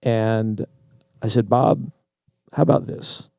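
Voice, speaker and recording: Dark-voiced man telling a story. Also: lowish voice, creaky, no echo, studio quality. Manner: animated storyteller, quick asides, repeats words. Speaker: podcast co-host. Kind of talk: casual storytelling chat. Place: Traverse City, Michigan.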